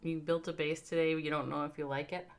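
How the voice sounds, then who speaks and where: A woman with a low voice, flat delivery and fairly quick pace chats with viewers during a live game stream, her accent American Midwestern. She reads their names aloud while thinking out loud.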